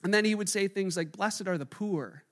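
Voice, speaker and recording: A pastor giving a conversational, animated sermon, often acting out the people in his stories. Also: sits high, normal speed.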